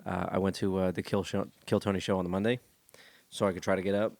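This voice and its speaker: A man's voice: low voice, flat delivery, fast talker, creaky, darkish tone, dry recording. A young man in a casual podcast chat, trading crude jokes and banter. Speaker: podcast co-host.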